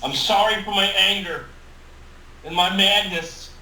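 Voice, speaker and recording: A man's voice: high voice, a little slow, pushed and bright, exaggerated voice. A man voicing a remorseful, devoted male adventurer in a tabletop role-play, speaking earnestly and with passion. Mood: earnest pleading. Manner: earnest, impassioned pleading in character. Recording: roomy, distant mic, faint hiss.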